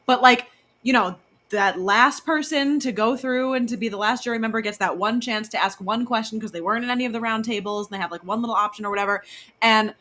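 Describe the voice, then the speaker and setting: A woman co-hosting a casual podcast chat, animated and blunt, often swearing and acting out what others said. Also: fairly high pitch, quick pace. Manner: animated, swears freely, acts out quotes. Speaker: podcast co-host.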